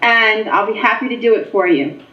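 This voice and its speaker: A woman from Pennsylvania, a paranormal investigator, telling stories as an interview guest in an animated way with frequent ums. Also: medium pitch, moderate pace. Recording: echoey, dull lo-fi sound.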